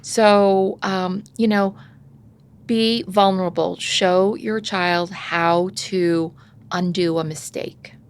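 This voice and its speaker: A woman's voice: lowish voice, steady tone, slow. A middle-aged woman giving casual parenting advice in conversation, sometimes acting out parent and child voices. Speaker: parenting podcast guest expert.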